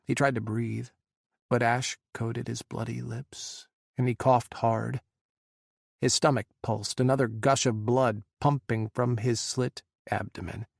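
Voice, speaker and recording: A man reading an audiobook in a measured, dramatic narration style. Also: medium pitch, fairly even intonation, vocal fry, dry recording, clean studio sound. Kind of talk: scripted narration.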